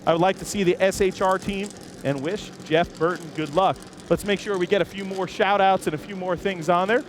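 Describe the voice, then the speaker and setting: Upbeat high-voiced man in noisy garage. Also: fairly even intonation, brisk. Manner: upbeat, enthusiastic, chatty with viewers. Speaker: host. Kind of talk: live walk-around garage commentary. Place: outdoor race-car garage. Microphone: camera he holds himself. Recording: noisy outdoor garage, engines running. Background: engines and garage noise.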